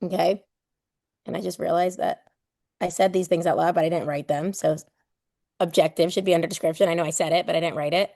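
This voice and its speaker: A woman's voice: lowish voice, fairly even intonation, brisk, vocal fry, dark tone, no room sound, clean studio sound. A woman running a live online exam prep class in a loose, playful way. She acts out everyday examples and swears casually.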